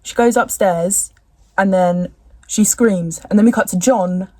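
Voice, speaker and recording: A young woman chats casually at home, recapping a TV episode in a rambling way full of slangy, jokey asides. Her medium-pitched voice is unhurried, and the background is noisy.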